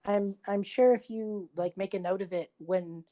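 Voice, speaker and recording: A woman plays a distracted male conservationist answering through a magic speaking stone in a tabletop game, rambling and hesitant as he thinks aloud. His voice sits at a middling pitch, in a plain, everyday tone. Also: fairly even intonation, normal speed, mellow, close to an everyday voice. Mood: flustered. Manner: rambling, hesitant, absent-minded.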